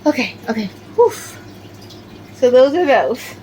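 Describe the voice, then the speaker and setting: Brief: middle-aged woman, fairly high voice, rambling show-and-tell crafter, filler-heavy. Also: big pitch swings, measured pace, dark tone, a little hiss or hum, low-quality recording. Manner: chatty, rambling, many "like" fillers. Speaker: crochet crafter showing her amigurumi. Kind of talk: casual show-and-tell chat.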